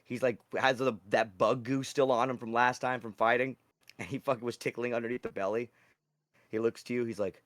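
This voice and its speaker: A man's voice: mid-range voice, fairly even intonation, brisk, fairly bright tone, dry recording. A young man running a tabletop game as dungeon master, narrating in a loose, rambling way and swearing casually.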